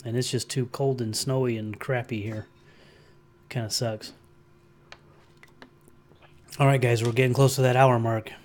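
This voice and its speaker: A man hosts a casual livestream, rambling through his chat with the viewers. His talk is loose and conversational, and he answers comments aloud as they arrive. His voice sits at an ordinary middle pitch. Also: little pitch movement, a little slow, long pauses, darkish tone. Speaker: livestream host.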